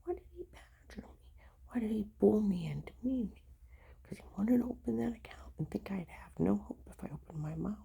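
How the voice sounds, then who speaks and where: Woman vlogger, dark husky whisper, rambling to camera. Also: medium pitch, animated, a little fast, rough recording. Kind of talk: rambling monologue.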